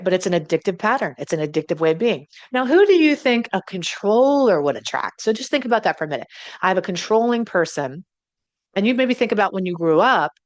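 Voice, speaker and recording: Brief: middle-aged woman coach, low voice, dry close sound, blunt and lively, swears freely. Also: no echo. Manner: blunt and animated, swears, addresses viewers directly. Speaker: relationship coach and teacher. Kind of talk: motivational teaching.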